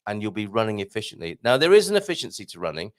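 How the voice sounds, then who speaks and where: Chatty, jokey man with a lively pitch. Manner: chatty and jokey, with self-deprecating asides and quick laughs. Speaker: host of a live show. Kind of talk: casual live-stream chat reading viewer comments.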